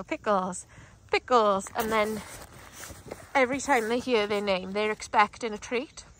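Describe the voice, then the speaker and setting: A woman dog trainer demonstrating outdoors, explaining calmly between bursts of high, excited calls to her dogs. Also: a little hiss or hum. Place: outdoors on grass.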